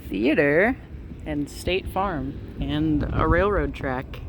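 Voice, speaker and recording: A man with a slightly high voice narrates his bike ride outdoors, rambling along with dry little asides and lots of "uh"s. He speaks into a camera mounted on the bike. Faint street noise hums in the background. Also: takes it slowly. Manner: rambling, wry asides, frequent "uh". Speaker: transit vlogger. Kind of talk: casual narration while cycling.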